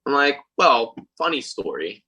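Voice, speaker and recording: A man's voice: medium pitch, unhurried, slightly rough, poor audio. A young man telling a story in casual chat, acting out other people's lines. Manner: animated, acts out quoted voices. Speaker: podcast guest and singer.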